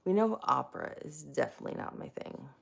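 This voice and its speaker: A woman's voice: low voice, very animated, fast talker, creaky, breathy edge. A woman hosting a casual live stream, chatty and self-mocking, greeting viewers by name.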